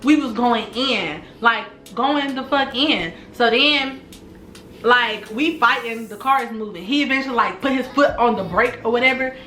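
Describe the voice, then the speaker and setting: A woman telling a personal story to her viewers in a casual storytime vlog, animated and slangy, talking straight to the camera. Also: a little high, normal speed, a little hiss or hum. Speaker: storytime YouTuber. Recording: echoey room.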